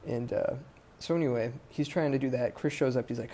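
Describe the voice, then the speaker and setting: A man's voice: medium pitch, fairly quick, mellow, slight background noise. A man hosting a podcast who recaps a movie in a casual, rambling way, swearing freely and wandering off track. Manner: rambling, profane, sidetracked. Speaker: podcast host.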